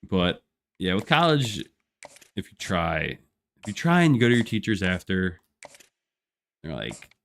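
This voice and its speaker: A man's voice: sits low, wildly swooping pitch, a little slow, pauses often, a bit bright. A young man chatting casually on a live gameplay stream, rambling with lots of fillers and frequent laughs. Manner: rambling, laid-back, many "like" fillers, laughs often. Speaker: gaming streamer.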